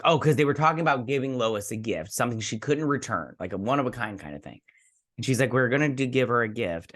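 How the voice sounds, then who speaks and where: A man's voice: fairly low pitch, fairly bright tone. A man recapping and reviewing a TV episode, rambling and joking as he paraphrases each scene in his own words. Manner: rambling, jokey, loosely paraphrases dialogue with restarts. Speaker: host.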